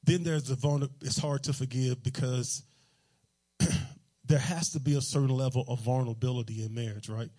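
Husky, mellow-voiced man preaching. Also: mid-range voice, fairly even intonation, moderate pace. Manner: conversational, joking, colloquial preaching. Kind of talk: sermon.

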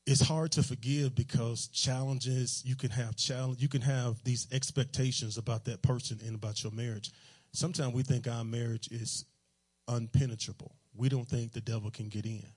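A man's voice: mid-range voice, fairly even intonation, normal speed, darkish tone, husky. A man preaching a sermon in a loose, conversational, joking way, full of everyday slang.

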